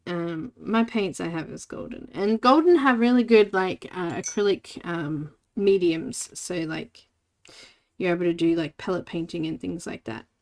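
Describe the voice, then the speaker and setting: A woman's voice: on the low side, moderate pace. A woman hosting a live coloring stream, chatting casually and telling stories with frequent laughs. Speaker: livestream host. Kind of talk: casual chat while coloring.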